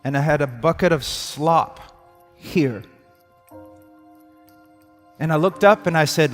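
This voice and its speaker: A man preaching a sermon with dramatic swings from loud outbursts to hushed tones. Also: fairly high pitch, slow, long pauses. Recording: long reverb in a hall, faint music.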